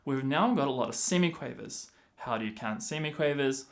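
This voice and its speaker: Man, patient clarinet teacher, mid-pitched voice, counts and sings rhythms aloud, clarinet between phrases. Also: quick pace, few pauses, a little hiss or hum. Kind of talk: instructional explanation.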